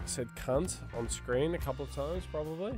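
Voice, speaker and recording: A man's voice: fairly high pitch, moderate pace, a little mellow, soft background music. A man co-hosting a casual gaming stream, joking and swearing in mock-stern banter. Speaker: podcast co-host.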